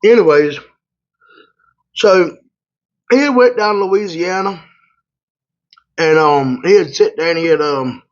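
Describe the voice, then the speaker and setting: A trucker talks loose and colloquial as he eats and rambles into a story, his voice sitting a bit high for a man. The audio is slightly muffled and lo-fi. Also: unhurried, pauses often. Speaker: truck driver and vlogger. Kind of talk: casual storytelling while eating. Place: hotel room.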